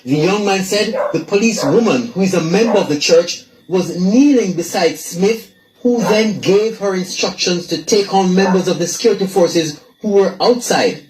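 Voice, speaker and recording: A news reporter reading a scripted report in a measured, formal way. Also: medium pitch, a little mellow, roomy sound, low-quality recording.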